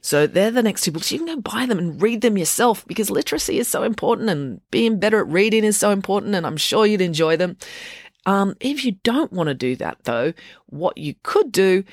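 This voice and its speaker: A lively host reading a children's book aloud, moving through the narration with relish and then chatting straight to young listeners. The voice sits at a middle pitch. The recording is close and dry with no room sound. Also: fairly quick, dry recording. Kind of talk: storybook narration.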